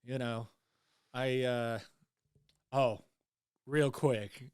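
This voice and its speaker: A man's voice: medium pitch, fairly even intonation, extremely slow, darkish tone, smooth. A man co-hosting a podcast, casually chatting through a review and swearing freely. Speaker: podcast co-host.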